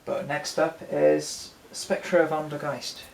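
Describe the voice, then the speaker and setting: A man's voice: a little high, level tone, slow pace, gravelly, slight background noise, low-quality recording. A man chatting casually at home about his collection, rambling with lots of ums and frequent swearing. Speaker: doll collector and co-host. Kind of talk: casual chat showing a collection.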